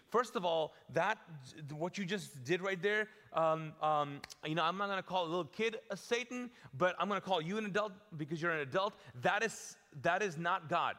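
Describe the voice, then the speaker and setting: A man's voice: high voice, expressive, normal speed, bright, forceful tone, big-room sound. A man preaching a live sermon as a pastor, talking casually and acting out the lines he quotes. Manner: conversational, playful, acts out quotes with shifting tone. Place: church auditorium.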